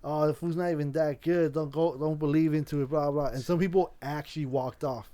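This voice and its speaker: A man's voice: fairly high pitch, fairly even intonation, brisk, warm tone. A man hosting a casual podcast, telling a rambling story with lots of swearing and restarts. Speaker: podcast host.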